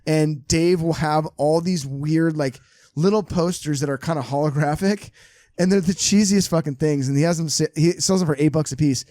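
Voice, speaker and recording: Male podcast co-host, profane storyteller, higher voice, dry sound. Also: normal speed, no echo. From California. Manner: rambling, profane, animated storyteller. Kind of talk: casual chat.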